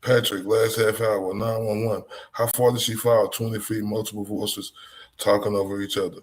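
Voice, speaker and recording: A man's voice: on the low side, little pitch movement, normal speed, slight background noise, rough recording. A man with a Texan accent, a live-stream commentator reading a transcript aloud with emotional reactions. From Dallas, Texas. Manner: emotional, exclaiming in disbelief.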